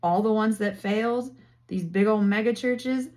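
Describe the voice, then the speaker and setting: A woman's voice: medium pitch, moderate pace, a little mellow. A woman vlogging her opinions in a loose, conversational monologue. She talks with indignant emphasis and hammers her points home. Her voice sits in a middle range.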